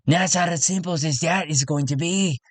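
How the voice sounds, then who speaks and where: Man putting on a tactless tradesman councilman, blunt, prim, higher voice, dry sound. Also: normal speed, no room sound, close to an everyday voice. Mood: dismissive. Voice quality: prim, proper bearing. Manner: blunt and dismissive.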